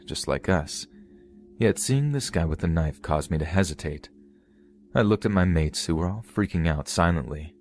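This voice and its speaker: Deep-voiced man reading a creepy story. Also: a little mellow, slight background noise. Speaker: story narrator.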